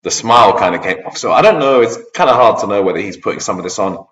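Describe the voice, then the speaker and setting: A man hosting a reaction video, giving hesitant, measured commentary. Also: fairly low pitch, lively intonation, fairly bright tone. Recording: echoey, distant, dull sound.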